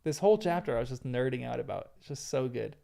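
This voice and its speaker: A man's voice: medium pitch, animated, fast talker, gravelly, warm tone. A man co-hosting a casual book discussion, talking enthusiastically and rambling with lots of "like". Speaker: podcast co-host.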